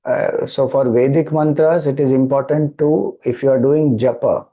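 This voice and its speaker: Slow, measured Indian man teaching. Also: mid-range voice, fairly even intonation, muffled recording. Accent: Indian English. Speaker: spiritual teacher. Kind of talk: devotional talk and Q&A.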